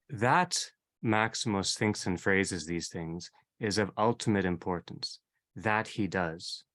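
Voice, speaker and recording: A man leading a theology seminar in a reflective, unhurried way, often repeating and rephrasing his phrases as he teaches. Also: lowish voice. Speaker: seminar leader.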